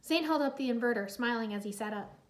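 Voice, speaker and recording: A woman narrating a children's adventure story in a lively, expressive read-aloud. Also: a little high, quick pace.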